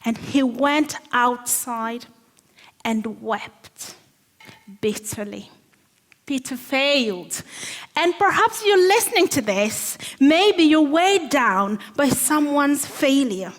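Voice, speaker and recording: A woman preaching a sermon in a church hall, earnest and measured, slowing down on the phrases she wants to stress. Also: sits high, expressive. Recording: long reverb of a hall.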